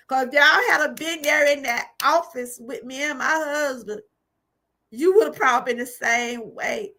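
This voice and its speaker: Woman, high voice, bright tone, emphatic preacherly testimony. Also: normal speed. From Georgia, US. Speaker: channel host. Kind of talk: livestream testimony.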